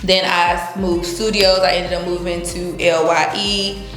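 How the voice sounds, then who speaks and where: A woman's voice: fairly low pitch, measured pace, roomy sound, soft background music. A woman being interviewed, telling her story casually and acting out what people said, laughing often. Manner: animated, acts out quotes, laughs often. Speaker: interview guest.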